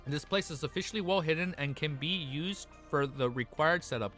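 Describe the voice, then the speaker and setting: A man reading out the lines of a gentle, commanding female cult leader in his own voice, with stumbles. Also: a little high, a little fast, soft background music, close to an everyday voice. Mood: calm. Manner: plain read-aloud, stumbling.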